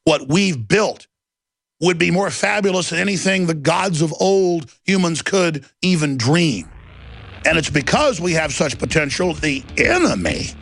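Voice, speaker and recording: A man's voice: a little high, gravelly, a bit bright. A man hosting a talk radio show, delivering an intense, rambling monologue with emphatic outbursts. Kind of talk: ranting monologue. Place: radio studio.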